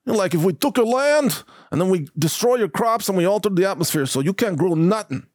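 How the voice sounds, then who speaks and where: A man's voice: high-pitched, expressive, a little fast, dry recording, clean studio sound, pitched above the performer's own voice. A man voicing a menacing male state official with a mock Brooklyn gangster accent, taunting and threatening.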